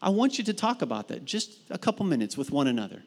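Pastor, male, fairly high voice, animated sermon delivery, church hall reverb. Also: quick pace. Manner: animated, rising to emphatic peaks; casual asides with fillers in stories. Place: church sanctuary.

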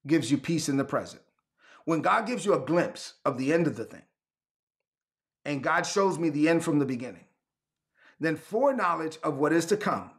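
A man preaching a sermon, emphatic and repetitive, calling for responses and building to shouts. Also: fairly high pitch. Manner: calls for audience response.

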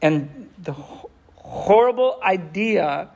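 Male preacher, gravelly and a touch high, passionate sermon delivery with hushed drops. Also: lively intonation. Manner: impassioned, slows down for emphasis, drops to near whisper.

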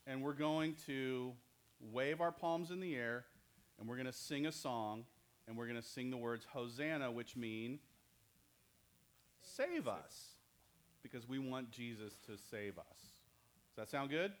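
A man's voice: mid-range voice, moderate pace. Playful man teaching children Bible stories. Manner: jokey, asks the kids questions.

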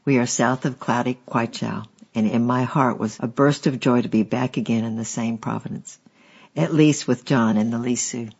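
A man reading a memoir aloud as an audiobook narrator, steady and measured. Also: mid-range voice, vocal fry, breathy edge, lo-fi sound.

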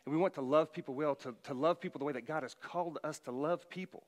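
A middle-aged man preaching a sermon as pastor, emphatic, his voice rising loud for quoted commands. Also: on the high side, fast talker, big-room sound.

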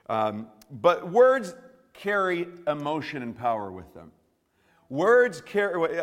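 A male pastor from the United States preaching a sermon with prayer and personal stories, a lively, joking storyteller who often restarts his sentences. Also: a little high. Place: church service. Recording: long reverb of a church hall.

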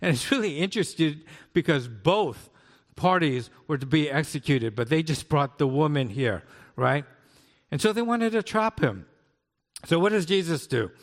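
A man's voice: fairly high pitch, expressive, normal speed. A man in his sixties preaching a conversational sermon as a pastor, often checking in with "right?". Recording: long hall reverb.

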